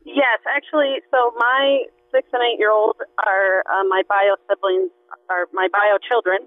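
A woman's voice: medium pitch, level tone, a little slow, dry recording. Woman asking over a tinny phone line. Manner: earnest, searching, trailing off with fillers. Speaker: caller. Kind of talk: phone-in question.

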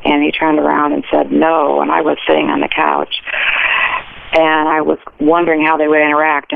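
Grandmother calling in over a gravelly phone line. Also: low voice. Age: older. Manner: rambling, chatty storytelling. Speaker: caller. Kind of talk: phone-in call. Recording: tinny phone line with faint hiss.

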